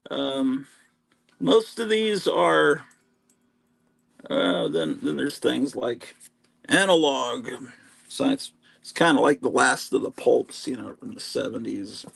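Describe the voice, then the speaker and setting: A man's voice: mid-range voice, creaky, fairly bright tone, breathy edge, poor audio. A man hosting a live stream from home, chatting in a rambling, self-deprecating way among his comic books. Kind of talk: casual live-stream chat. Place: home room stacked with comics.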